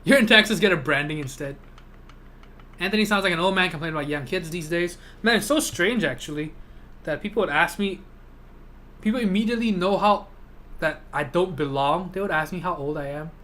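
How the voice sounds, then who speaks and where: Young man, live streamer, higher pitched voice, rambling, profane, casual. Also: fairly quick, bright, forceful tone. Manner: rambling rant full of "you know" and swearing. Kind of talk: casual chat with live viewers.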